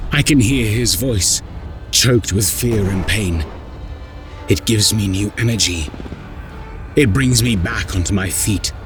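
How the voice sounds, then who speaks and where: A man narrates a dark war story in the first person, his voice deep, slow and grave. Faint music plays softly underneath. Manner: grave and intense.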